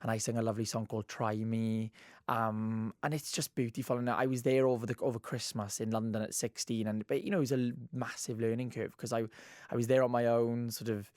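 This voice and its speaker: A man's voice: mid-range voice, little pitch movement, brisk, a little mellow, no room sound. Young man, Welsh Valleys accent, radio guest, chatty and gushing, dry close studio sound. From Wales. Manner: chatty and gushing, laughs often, many fillers. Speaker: guest actor. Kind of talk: casual radio interview chat.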